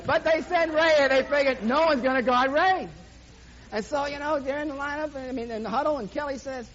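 A man preaching to a live audience, telling a sports story in animated play-by-play style. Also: very high voice, a little fast. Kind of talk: sermon with sports illustration. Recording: dull lo-fi recording, faint hiss.

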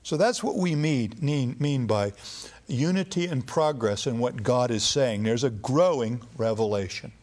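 A man preaches a sermon at a middling pitch, retelling scripture as a relaxed, conversational story. He talks plainly with the odd filler and restart, as though chatting with a congregation. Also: a little slow.

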